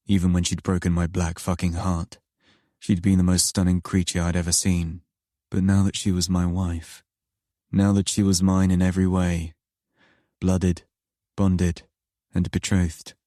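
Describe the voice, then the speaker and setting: A man narrating an audiobook in first person, in a slow, low, intimate and brooding manner. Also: warm tone, no room sound, studio quality.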